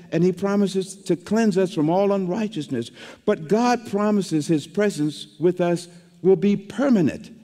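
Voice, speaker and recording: A high-pitched male pastor delivering a sermon. He preaches emphatically and stacks repeated words as he builds toward each point. His voice rings with the long reverb of a church hall. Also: warm tone. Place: church sanctuary.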